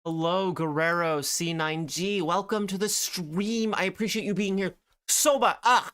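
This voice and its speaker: Smooth-voiced streamer chatting while drawing. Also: mid-range voice, fairly even intonation, unhurried, a bit bright. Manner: chatty, greets viewers by name, rambling asides. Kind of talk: casual livestream chat while drawing.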